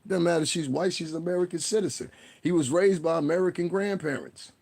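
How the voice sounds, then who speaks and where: A man's voice: fairly high pitch, fast talker, creaky, darkish tone. A man ranting on a live stream, blunt and combative, cursing heavily and rambling straight at his viewers. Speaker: livestreamer. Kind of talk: profane live-stream rant.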